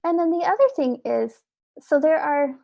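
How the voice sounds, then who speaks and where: Earnest woman, high voice, dry sound. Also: moderate pace, creaky, dry recording. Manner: earnest, warm-hearted, repeats words as she thinks. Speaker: orchestra oboist, interview guest. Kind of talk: casual interview talk.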